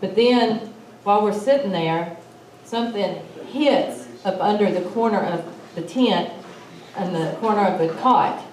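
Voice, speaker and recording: A woman's voice: medium pitch, measured pace, a little mellow, slight background noise. A woman telling a personal encounter story at a symposium, acting out the lines she quotes. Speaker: symposium speaker. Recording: echoey hall, mic far off.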